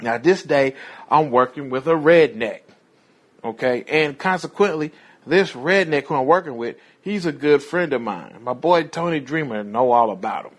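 A man's voice: medium pitch, lively intonation, moderate pace. A man who worked as a prison correctional officer telling a rambling, profane story in a casual way. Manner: profane, rambling, digressive, chuckling asides.

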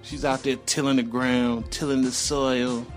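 Middle-aged man, casual swearing anecdote-teller, mid-pitched, faint music behind. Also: little pitch movement, a little slow. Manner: profane, loose, rambling anecdotes; acts out sounds and voices animatedly. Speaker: storyteller. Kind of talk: casual personal storytelling.

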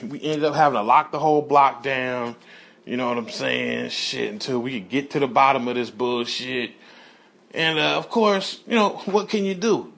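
A man's voice: a little high, creaky, fairly bright tone. A man, a correctional officer, telling a story from work in a casual, profane way and laughing as he goes.

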